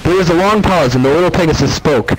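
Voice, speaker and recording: A man's voice: on the high side, fast talker, a little hiss or hum, low-quality recording. A man reading a fan story aloud, stumbling and correcting himself as he goes. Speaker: reader.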